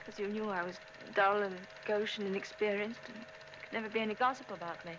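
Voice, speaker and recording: An actress playing a shy, anxious young bride, speaking in a hesitant, pleading way with stammering starts, in 1940s film acting. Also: female voice, mid-range voice, steady tone, fast talker, background noise, natural voice. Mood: bitter. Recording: muffled old film soundtrack.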